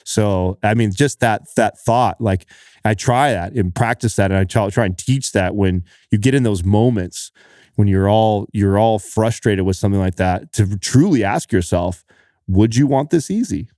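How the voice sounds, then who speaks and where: A man's voice: lowish voice, normal speed, a little mellow, dry recording, clean studio sound. A man speaking passionately and emphatically in a casual podcast chat, swearing freely. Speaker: podcast guest, fitness co-host.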